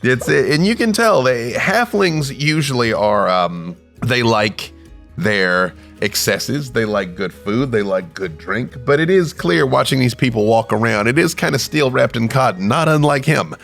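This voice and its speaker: A man's voice: mid-range voice, animated, unhurried, vocal fry, a bit bright, faint music behind. A man acting as game master, narrating a tabletop role-playing game in a chatty, descriptive way. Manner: descriptive, chatty, laughs between lines.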